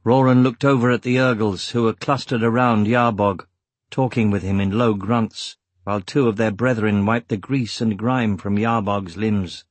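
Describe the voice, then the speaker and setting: A man narrating an audiobook with measured, steady storytelling. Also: fairly low pitch, no echo. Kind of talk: scripted narration.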